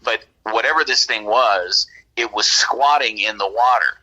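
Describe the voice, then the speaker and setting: A man's voice: fairly low pitch, unhurried, sharp tone, highs cut off. A man from California telling a long story in a casual, rambling way, full of restarts and "right?" checks. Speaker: podcast guest.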